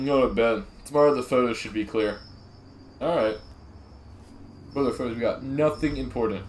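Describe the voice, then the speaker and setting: A young man doing profane, nervous, jokey commentary while playing a horror game. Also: mid-range voice. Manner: profane, jittery, nervously joking. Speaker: gamer.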